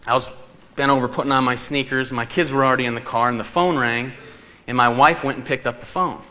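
A man preaching a sermon as pastor, telling a personal story with animated energy and laughing along as he goes. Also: medium pitch, fast. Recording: reverberant hall, faint ambience.

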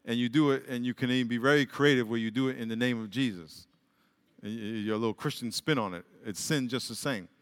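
A male pastor giving a sermon, leading call-and-response with the congregation and mixing loud calls with joking asides. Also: quick pace. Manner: call-and-response, has the congregation repeat words; jokey, swings from loud calls to low asides. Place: church sanctuary. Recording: long hall reverb.

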